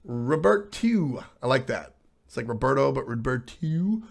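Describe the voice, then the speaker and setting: A man's voice: medium pitch, a little slow, gravelly. A man hosting a casual livestream talk show about esports, talking bluntly and with swearing as he riffs and answers chat. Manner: animated, blunt and profane, riffing to chat.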